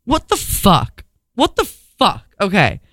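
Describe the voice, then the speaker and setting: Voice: mid-range voice, huge pitch swings, takes it slowly, fairly bright tone, dry recording. A podcast co-host reads a news story aloud for laughs. The host keeps breaking off into profane, incredulous asides. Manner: profane, incredulous asides between read-out sentences. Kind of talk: comedic reading of a news story.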